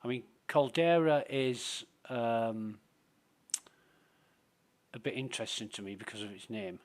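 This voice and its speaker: A man's voice: medium pitch, measured pace. Profane, rambling man streaming a game. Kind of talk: casual live-stream commentary.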